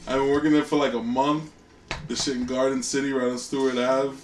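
A man co-hosting a podcast, telling a job story in relaxed casual chat with laughs. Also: medium pitch, brisk, roomy sound, recorded from a distance, slight background noise. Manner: laid-back storytelling, laughs. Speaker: podcast co-host.

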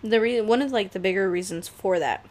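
A woman's voice: medium pitch, a little fast, a little mellow. A young woman hosting a casual solo podcast from home, rambling, laughing often and swearing freely. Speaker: podcast host. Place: home room with air conditioner.

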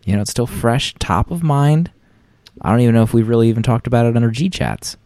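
A man's voice: mid-range voice, expressive, fast talker, a little mellow, dry recording, studio quality. A man in his thirties, a podcast co-host, chatting casually and rambling through anecdotes with many restarts. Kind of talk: casual chat.

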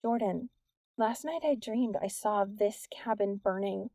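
A woman's voice: medium pitch, measured pace, mellow, no echo, clean studio sound. A woman voicing an anxious, secretive teenage girl speaking urgently.

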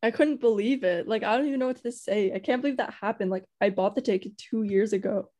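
A woman's voice: mid-range voice, fast, darkish tone. A young woman co-hosting a podcast in casual chat, rambling and gushing with lots of "like". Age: young adult. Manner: rambling and gushing, heavy use of "like". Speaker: podcast co-host.

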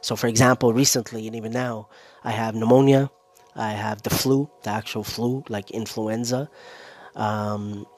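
A man's voice: lowish voice, fairly even intonation, normal speed, a little mellow, soft background music. Male content creator, casual solo monologue, loose and rambling, slightly short of breath. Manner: rambling, keeps adding "right?" and "you know".

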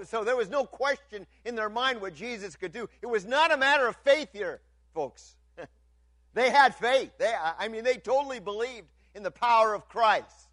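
With no echo in the recording, a pastor whose voice is notably high delivers a sermon to his congregation. Restarts leave him stumbling on repeated words, and he moves from loud, lifted stretches down to near-hushed ones.

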